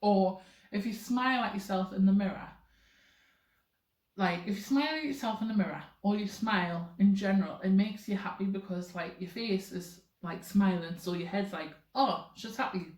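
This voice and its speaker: A woman's voice: mid-range voice, moderate pace, darkish tone. A young woman talking casually to camera, rambling with lots of fillers. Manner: rambling, filler-heavy, chatty. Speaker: vlogger. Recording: roomy echoey room.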